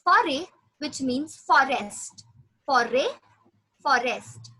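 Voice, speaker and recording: High, bright woman teaching. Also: expressive, poor audio. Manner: patient, repeats words slowly for the student. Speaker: French teacher. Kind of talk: classroom language lesson.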